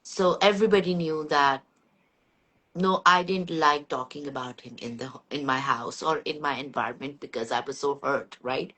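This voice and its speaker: A woman's voice, pitched on the low side, speaks candidly and earnestly. She is middle-aged and talks in a reflective podcast conversation, sharing something personal at an unhurried, thoughtful pace. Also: sharp tone. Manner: candid, earnest storytelling about personal grief. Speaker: podcast host.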